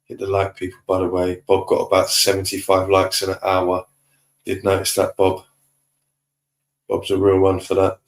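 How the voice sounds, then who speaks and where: Sitting low in pitch and moving at a moderate pace, this man chats casually on his live stream, reading out viewer comments and handing out easygoing shout-outs.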